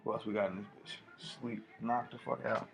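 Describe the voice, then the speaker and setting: A man filming himself waking his roommates in an apartment, loud and taunting, repeating himself and swinging between shouting and muttering. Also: on the low side, steady tone, normal speed, gravelly, over music, low-quality recording. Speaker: roommate filming a wake-up prank. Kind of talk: loud profane teasing vlog. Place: apartment indoors. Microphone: handheld phone camera.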